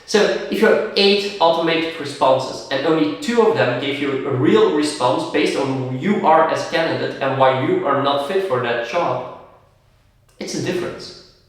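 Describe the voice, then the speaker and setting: A man's voice: fairly high pitch, normal speed. A man hosting a podcast, explaining business ideas through examples and acted-out contrasts. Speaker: podcast host. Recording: very echoey room, distant mic.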